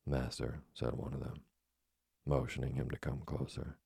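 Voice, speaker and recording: A man narrating an audiobook in a measured, even manner, with a deep, husky voice. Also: no echo, studio quality. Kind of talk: scripted narration.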